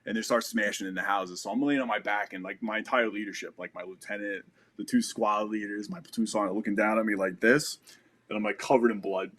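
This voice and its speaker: A man in his thirties with a lowish voice tells a story as a podcast guest. His talk is loose and casual, studded with "like," "you know" and some swearing. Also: steady tone, fairly quick, a bit bright.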